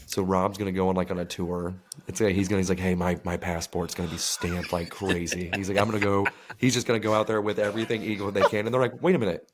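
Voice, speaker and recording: A man's voice: sits low, level tone, fast talker, hardly any pauses, background noise. A man co-hosting a podcast, telling rambling, profane stories in casual chat. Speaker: podcast co-host.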